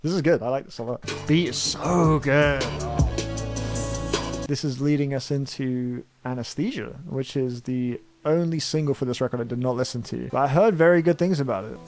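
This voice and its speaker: A young man reacting to an album in casual, excitable talk, full of slang, "like" and "man". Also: medium pitch, moderate pace, soft background music. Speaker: music reviewer. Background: album playing faintly.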